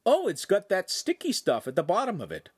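A man's voice: high-pitched, huge pitch swings, fairly quick, breathy edge, dry recording, clean studio sound, pitched above the performer's own voice, exaggerated voice. A man voicing an eager, sulky teenage boy apprentice. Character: impatient teen boy apprentice.

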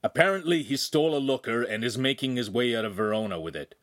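A man voicing a brisk male guard captain who reports in a crisp, direct manner. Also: medium pitch, animated, a bit bright, lightly acted.

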